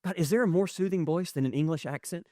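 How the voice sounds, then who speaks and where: A man preaching a conversational sermon, candid and animated, telling stories with quick asides to his congregation. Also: a little high, no echo, studio quality. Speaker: pastor. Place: church auditorium.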